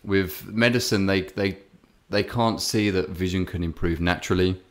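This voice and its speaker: English male podcast co-host, deep and gravelly, loose rambling delivery. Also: fairly even intonation, normal speed. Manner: rambling storyteller, many fillers and restarts. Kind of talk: casual podcast chat.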